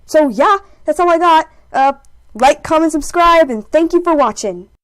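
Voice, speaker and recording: A young woman telling a casual story-time tale in a chatty, animated voice, tossing in jokey asides as she goes. Her voice sits a little high for a woman. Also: normal speed, no room sound. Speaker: animator and narrator.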